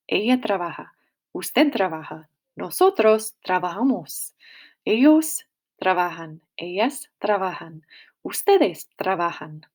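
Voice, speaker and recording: A woman teaching a recorded Spanish lesson, slowly drilling verb forms and inviting students to repeat after her. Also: medium pitch, darkish tone.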